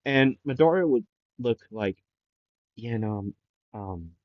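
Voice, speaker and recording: A man's voice: mid-range voice, animated, slow, no room sound. A man casually narrating a playful what-if story, rambling with fillers, on a dull, dry recording. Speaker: anime YouTuber.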